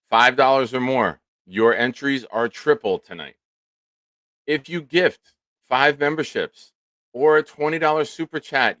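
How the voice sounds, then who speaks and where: A male host running a live fan stream in a loose, casual way. His voice sits at a middle pitch and comes across dry and close. Now and then he breaks into loud, playful cheers. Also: no room sound. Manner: loud hype, mock cheers. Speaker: show host.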